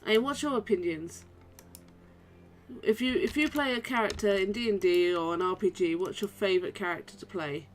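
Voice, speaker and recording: A young woman chats her way through a role-playing game in casual commentary. She rambles and restarts her sentences and asks her viewers questions, all at a middling pitch. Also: brisk. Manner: chatty, rambling, many "like"s and restarts. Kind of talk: casual let's-play commentary.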